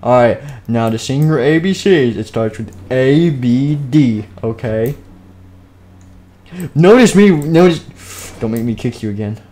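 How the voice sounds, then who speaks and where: A man's voice: mid-range voice, moderate pace, hardly any pauses, mellow. A man narrating a game live stream, jumping between plain storytelling and playful character voices.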